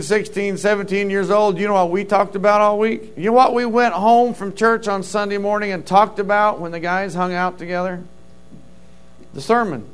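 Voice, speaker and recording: A man's voice: sits high, clear, resonant tone. A middle-aged man preaching a sermon as a pastor, telling stories with fervent interjections of praise.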